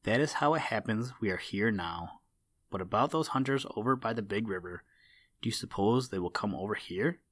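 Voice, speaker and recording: Worried mother duck voiced by a man, earnest storybook figure, low voice, dry sound. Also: lively intonation, moderate pace, a bit bright, no echo. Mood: anxious. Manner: anxious, earnest. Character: anxious mother duck, proud of her brood.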